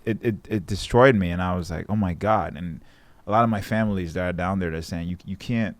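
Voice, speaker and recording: A man in his thirties from Jamaica speaks in a fairly low voice, recorded dry and close. He talks reflectively as a guest in a casual chat and slips into the voices of people he quotes. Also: brisk, dry recording. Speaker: guest fighter.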